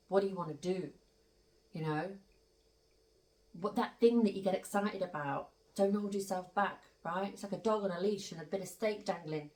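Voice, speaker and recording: Brief: woman, tarot reader, casual and emphatic, slightly low voice, set back from the mic. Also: a little mellow. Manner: chatty, emphatic, rambling with asides. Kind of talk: casual spiritual tarot reading. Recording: roomy sound, distant from the mic.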